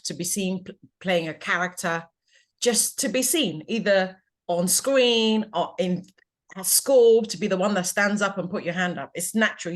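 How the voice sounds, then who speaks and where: Reflective woman hosting an interview. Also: mid-range voice. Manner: reflective, coach-like, asks long questions. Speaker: podcast host. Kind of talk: interview conversation.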